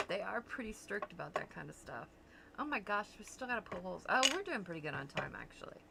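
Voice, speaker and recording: A woman's voice: medium pitch, sing-song, moderate pace, vocal fry, pauses often, heavy background noise. A middle-aged woman hosting a crafting livestream, chatting casually with her daughter and laughing easily. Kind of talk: casual chat while crafting.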